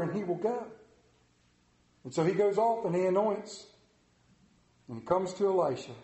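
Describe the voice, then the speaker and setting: A preacher with a high, slightly mellow voice gives an interactive sermon in a casual, conversational way, asking the congregation questions. The sound is reverberant.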